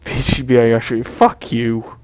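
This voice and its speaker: A man casually talking over a video game at an ordinary middle pitch. He has a sarcastic, self-mocking style, tossing out swear words and dry asides. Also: flat delivery, measured pace, clean tone, no room sound, faint music behind. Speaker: let's play host. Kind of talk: casual gameplay commentary.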